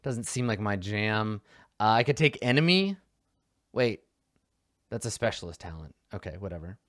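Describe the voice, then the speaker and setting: A man casually talking through tabletop character creation, excitable, laughing and swearing freely. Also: on the low side, clean tone, dry recording, studio quality. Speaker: tabletop game player.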